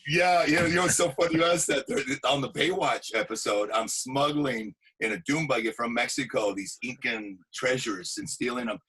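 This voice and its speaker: A man, an actor and stuntman, telling animated anecdotes in a casual interview, acting out quotes. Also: medium pitch, normal speed, few pauses, breathy edge, rough recording.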